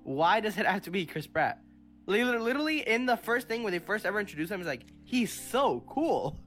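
A young podcast co-host chatting casually, excitable and quick to laugh. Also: medium pitch, soft background music. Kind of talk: casual chat.

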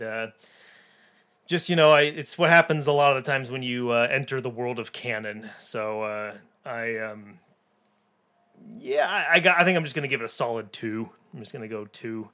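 A man from the Netherlands co-hosts a film podcast. His voice is bright and forward, and his talk is blunt and loose with easy laughter. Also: mid-range voice, moderate pace. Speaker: podcast co-host. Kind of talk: casual chat.

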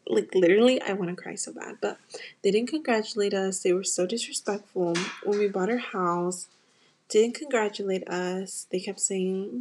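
Speaking at a normal speed with a darkish tone, this medium-pitched woman is a young podcast host from the United States. She shares a personal story in casual confessional style, candid and emotional, addressing her listeners directly. There's slight background noise.

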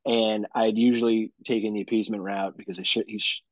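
A man hosting a podcast, telling a profane, animated story about his kids in casual chat. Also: lowish voice, quick pace, no room sound. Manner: profane, animated storytelling with mock-dramatic quotes. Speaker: podcast host. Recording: dull lo-fi podcast audio.

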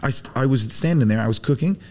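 A man who grew up in the Arab world, talking as a guest in a casual podcast conversation, an animated storyteller who acts out quotes and swears freely. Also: mid-range voice, quick pace.

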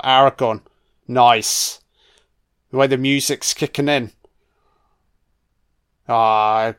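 A man talks through a film in a slow, unhurried way, reacting excitedly and swearing freely. His voice is clear and smooth, and he sits at a middle pitch for a man. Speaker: film commentator. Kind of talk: casual film commentary.

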